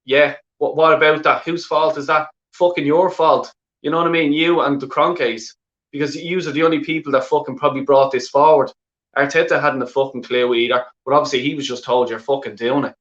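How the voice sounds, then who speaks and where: A man's voice: fairly high pitch, steady tone, brisk, fairly bright tone, echoey room, highs cut off. An Irish man ranting angrily on a live stream as a football fan, swearing constantly and repeating himself. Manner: heavy swearing, exasperated, repetitive filler phrases. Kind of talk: angry live-stream rant.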